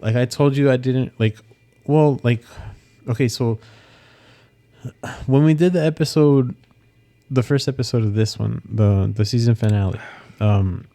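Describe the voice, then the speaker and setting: Chill dude on a podcast, mellow warm voice, rambles a lot and cusses. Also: male voice, medium pitch, measured pace. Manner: rambling, restarts often, swears casually. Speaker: podcast co-host. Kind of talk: casual podcast chat.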